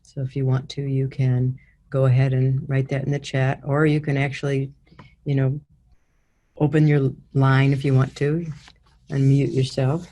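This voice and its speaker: Woman facilitator on a video call; mellow, soothing guided-healing delivery. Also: rumbling low, flat delivery. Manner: slow, soothing, instructive. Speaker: guided healing session leader.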